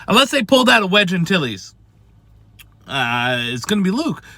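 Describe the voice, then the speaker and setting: A man with a wife and family talking casually about a show he loves, swearing and tripping over restarts as he gets excited. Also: high-pitched, normal speed, vocal fry, no room sound. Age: adult with a wife and family. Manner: swearing, emphatic, stammering restarts. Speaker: vlogger. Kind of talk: casual excited fan rant.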